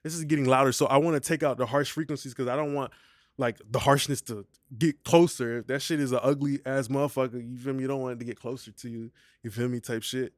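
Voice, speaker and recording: A man's voice: mid-range voice, steady tone, fast, dry recording, clean studio sound. A man hosting a casual vocal mixing tutorial, talking in a slangy, laid-back way and often asking "you feel me". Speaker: mixing engineer tutorial host.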